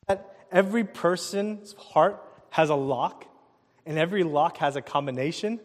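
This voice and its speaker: A man preaching a sermon, telling a personal story with animated delivery, asking the crowd questions and chuckling often. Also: fairly high pitch, a little slow, pauses often. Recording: long hall reverb.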